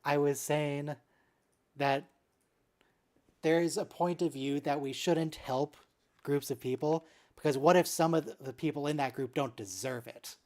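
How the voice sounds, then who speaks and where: Host of a group watch-along on voice chat, dry, sarcastic, mid-pitched. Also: fairly even intonation, unhurried, long pauses, a little mellow.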